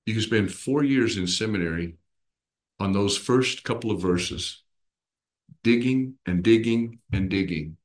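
A man with a fairly low voice leads a Bible study, talking to a small group in a relaxed, conversational way. He keeps turning questions back to his listeners. He slips into quick impressions and expressions to make his points. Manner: animated, acts out voices and expressions while explaining; asks the listeners questions and draws them in.

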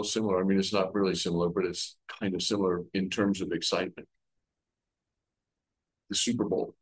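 A man leading a conversational Bible study, retelling the story with lively everyday comparisons. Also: fairly low pitch, poor audio. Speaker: Bible teacher.

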